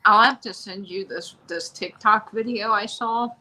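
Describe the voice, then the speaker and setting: A woman hosting a casual live-stream chat, telling stories in an animated, chatty way. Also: medium pitch, unhurried, poor audio. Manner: chatty storyteller, animated retelling. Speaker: shop host.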